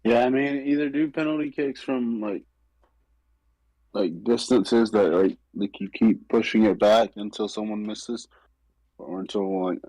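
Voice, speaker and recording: Low, mellow-voiced blunt man. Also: a little slow, no room sound, rough recording. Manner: blunt, dismissive, slangy. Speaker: podcast co-host. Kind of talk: casual sports chat.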